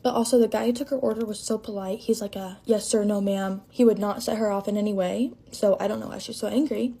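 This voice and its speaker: A young woman telling a casual storytime about a rough shift at a drive-thru, rambling and filling her talk with "like". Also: mid-range voice, steady tone, quick pace, dark tone. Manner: chatty, rambling, lots of "like", shaken.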